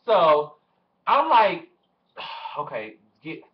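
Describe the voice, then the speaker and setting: Lively young man telling a story. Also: a little high, drawn-out words. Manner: animated, swearing, acts out quoted voices. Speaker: vlogger. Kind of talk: casual storytelling to camera. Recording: dull lo-fi webcam audio.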